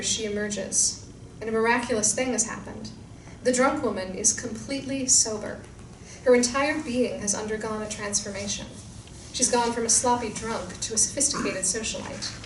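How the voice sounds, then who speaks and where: Woman narrating, far off in a roomy hall. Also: fairly high pitch. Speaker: narrator reading stage directions. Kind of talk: screenplay reading. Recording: roomy distant sound with background noise.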